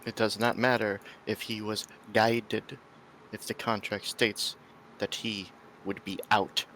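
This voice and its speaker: A man playing a tabletop game, weighing a contract dispute in character in a measured, judicial way. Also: lowish voice, level tone, pushed and bright, slight background noise, rough recording. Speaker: player.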